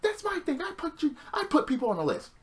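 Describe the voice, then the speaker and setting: A man putting on an indignant male wrestler who yells in a shrill, cracking pitch. The voice leaps far above the speaker's normal range and stays there. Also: huge pitch swings, fast talker, heavily acted. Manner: high-pitched mocking shout.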